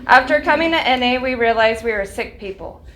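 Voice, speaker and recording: Woman reader, a bit out of breath. High voice, echoey hall, faint background noise. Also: lively intonation, a little fast, fairly bright tone. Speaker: meeting reader. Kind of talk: reading a recovery text aloud. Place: meeting hall.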